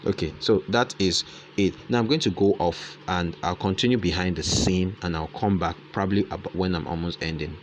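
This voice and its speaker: A man hosts a casual screen-recorded tutorial, speaking a little fast in a low voice against a noisy background. He thinks aloud, repeating phrases as he dictates lines and punctuation.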